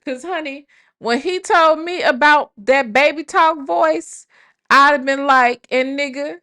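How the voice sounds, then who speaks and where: High, bright-voiced sassy woman. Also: a little slow. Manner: sassy, mocking, rhetorical. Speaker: commentator reacting to a call recording. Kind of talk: comedic commentary.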